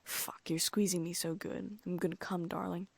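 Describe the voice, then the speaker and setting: A woman voicing a possessive male vampire husband in a dominant mood, speaking in a low, slow growl. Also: level tone, vocal fry, husky, no echo, exaggerated voice.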